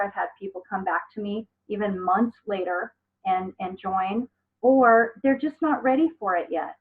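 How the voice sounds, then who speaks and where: A woman teaching an online business class in a chatty, upbeat way, talking to her students by name over a video call. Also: medium pitch. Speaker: business trainer. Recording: phone-like video call audio.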